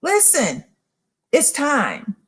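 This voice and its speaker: A woman's voice: high-pitched, huge pitch swings, very slow, a bit bright. A woman giving a preaching-style motivational talk, emphatic and repeating phrases as she addresses listeners directly. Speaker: motivational speaker.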